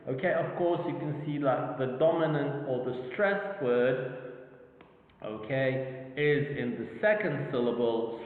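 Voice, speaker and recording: A man giving a slow, repetitive phonetics lecture, checking in with "okay?", speaking English as a non-native speaker. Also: mid-range voice. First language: Arabic. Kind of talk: university lecture. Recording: tinny, echoey hall recording.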